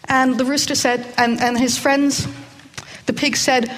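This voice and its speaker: A woman's voice: high-pitched, level tone, a little slow, slight background noise. A woman telling a story live to children in a hall, hesitant, with many fillers, drawing in the audience.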